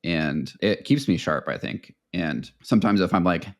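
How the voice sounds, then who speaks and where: A man's voice: deep voice, animated, normal speed. A man speaking as a podcast guest, chatting casually and enthusiastically in long, run-on answers. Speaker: podcast guest, web designer. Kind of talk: casual interview chat.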